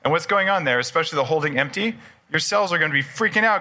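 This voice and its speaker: Before a live audience at a personal development expo, a man in his forties gives an enthusiastic, conversational talk and jokes with the crowd. His slightly high voice is expressive, pushed, and bright, and he speaks at a quick pace.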